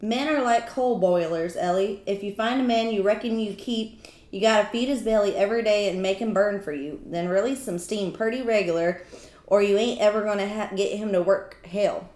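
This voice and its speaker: Plainspoken old country grandmother, read by a woman in her own voice; folksy, slow delivery in a roomy space. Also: mid-range voice, a little mellow, natural voice. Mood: wry. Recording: echoey room.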